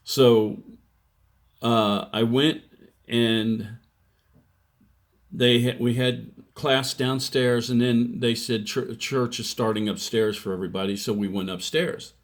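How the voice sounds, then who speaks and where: An older man in his sixties tells his life story at an unhurried, deliberate pace. His speech is plainspoken, and he acts out what people said to him along the way. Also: medium pitch, steady tone. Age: 60s. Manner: plainspoken, slow storytelling with re-enacted quotes. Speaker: testimony speaker. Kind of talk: personal testimony, storytelling.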